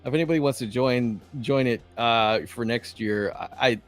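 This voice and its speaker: A man's voice: medium pitch, moderate pace, faint music behind. A man with a Texas accent co-hosting a casual wrestling chat show, rambling with many fillers and restarts. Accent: Texan. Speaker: co-host.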